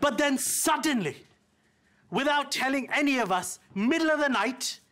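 A man's voice: very high-pitched, lively intonation, moderate pace, fairly bright tone. A man from India with an Indian English accent doing a stand-up comedy set in a theatre, dry and mock-polite with punchy asides. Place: theatre stage before a live audience. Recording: live theatre mic with audience noise. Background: audience laughter.

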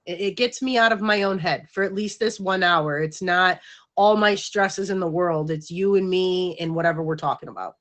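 Bright-voiced, rambling middle-aged woman. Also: fairly low pitch, normal speed. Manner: rambling, frank, laughs easily. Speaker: livestream show host. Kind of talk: casual chat.

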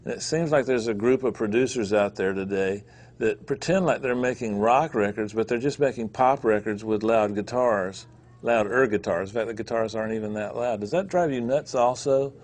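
A man's voice: fairly low pitch, moderate pace, a little mellow. A man co-hosting an interview, asking a long question in a casual way with restarts. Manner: rambling, searching for words. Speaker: co-host.

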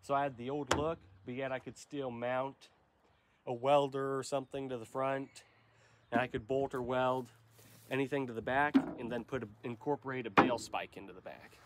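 A man's voice: mid-range voice, fairly even intonation, normal speed, background noise. A young man with a nasal voice from a cold, talking casually and rambling as host of a truck vlog. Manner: rambling, unscripted, many fillers. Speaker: channel host.

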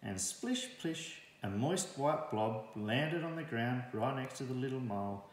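A man's voice: mid-range voice, animated, unhurried. Man reading a kids' story, echoey room. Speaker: storybook reader. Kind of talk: children's story read-aloud.

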